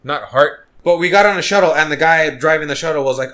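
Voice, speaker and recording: A man's voice: a little high, quick pace, few pauses, a bit bright. A man telling a story in casual podcast chat, rambling with many fillers and restarts. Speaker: podcast co-host.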